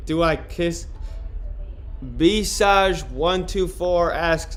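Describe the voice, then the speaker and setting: Young male streamer, crude and rambling, reads a novel aloud; light, slightly high voice. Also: very slow. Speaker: streamer reading a book aloud. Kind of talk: casual livestream chat and reading aloud.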